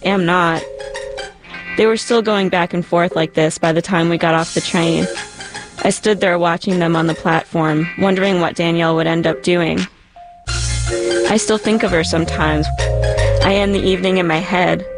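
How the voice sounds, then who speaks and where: Woman storyteller, low voice, calm memoir read with music behind. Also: moderate pace. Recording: narration over music.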